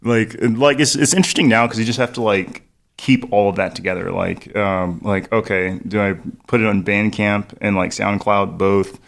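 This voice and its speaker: A man's voice: on the low side, steady tone, moderate pace, creaky. A young man, a musician guest on a college radio show, talking in a rambling way full of "like" fillers, with a cough drop in his mouth, close on a studio microphone. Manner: rambling, heavy "like" fillers, laughs often. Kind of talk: casual radio interview.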